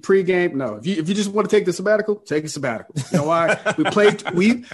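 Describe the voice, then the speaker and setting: Fast-talking husky man ranting. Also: high voice, lively intonation. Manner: emphatic, ranting, joking. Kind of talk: casual golf podcast chat.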